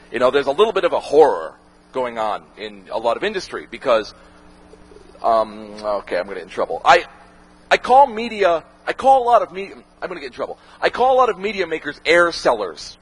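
Husky, animated man swearing through a talk. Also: mid-range voice, low-quality recording. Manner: animated and profane, acts out quoted voices. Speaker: documentary filmmaker answering audience questions. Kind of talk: casual talk with Q&A.

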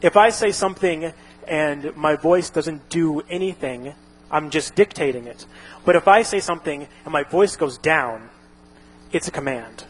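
A man's voice: a little high, unhurried, husky, poor audio. A man casually explaining a topic, rambling with frequent restarts and fillers. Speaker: instructor.

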